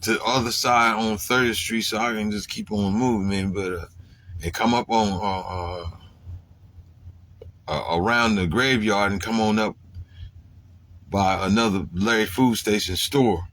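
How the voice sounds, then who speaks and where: Swearing freely and chatting casually, a man recounts something that happened to him, ending lots of phrases with "man." When quoting his past self, he gets louder and higher. His delivery is unhurried with fairly even intonation.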